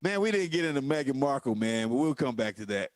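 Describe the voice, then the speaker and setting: Lively man, expressive storyteller. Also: mid-range voice, quick pace, dry recording. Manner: animated storytelling, profane, emphatic. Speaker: podcast co-host. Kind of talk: casual political chat.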